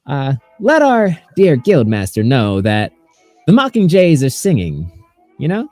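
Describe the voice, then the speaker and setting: A man's voice: medium pitch, wildly swooping pitch, unhurried, darkish tone, no room sound, soft background music, pitched above the performer's own voice. A man playing Albion, a prim bird-man captain. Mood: airy.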